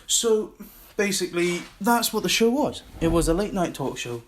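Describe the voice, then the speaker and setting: A man's voice: high-pitched, expressive, normal speed, slight background noise. A man with a Scottish accent hosting his own podcast, rambling and self-mocking in a casual solo monologue. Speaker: podcast host.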